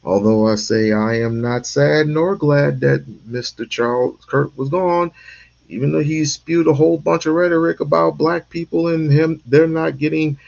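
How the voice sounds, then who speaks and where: A man's voice: on the high side, steady tone, normal speed, vocal fry, darkish tone, muffled recording. A man hosting a casual commentary stream, talking emphatically and repeating himself for stress. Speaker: stream host.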